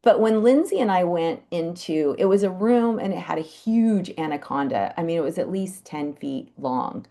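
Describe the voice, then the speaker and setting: A woman's voice: fairly low pitch, moderate pace, hardly any pauses. Chatty woman telling animal stories. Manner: chatty, animated, with lively quoted asides. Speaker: animal Reiki practitioner sharing stories. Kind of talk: casual storytelling on a live call. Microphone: video call.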